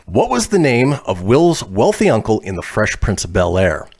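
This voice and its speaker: A man's voice: fairly low pitch, wildly swooping pitch, normal speed, a little mellow, slightly rough. A man hosting a pop culture trivia quiz on a podcast, reading out questions and multiple-choice options. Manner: reads questions and options, laughs easily. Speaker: game show host.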